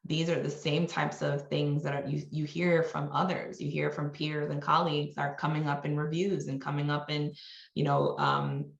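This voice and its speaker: Low-voiced woman from New York. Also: level tone, normal speed, creaky, echoey room, lo-fi sound. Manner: candid, conversational, many restarts. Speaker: guest, marketing executive. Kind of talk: podcast interview.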